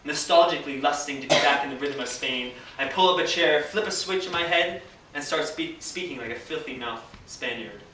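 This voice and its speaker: A man's voice: on the high side, fairly quick, pushed and bright, a little hiss or hum. A man telling a vivid, wry personal story on stage, laughing often at his own tale. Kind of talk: live storytelling performance. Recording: echoey room, distant mic.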